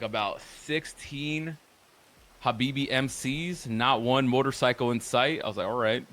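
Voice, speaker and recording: A roleplay streamer casually recounts events from a roleplay game, rambling and swearing with plenty of filler words. His voice sits in the mid range with a fairly bright tone.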